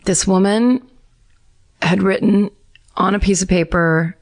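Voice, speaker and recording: A woman's voice: medium pitch, a little slow. A woman co-hosting a podcast in casual chat, rambling through a story with restarts and fillers, and reading listener emails aloud. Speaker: podcast co-host.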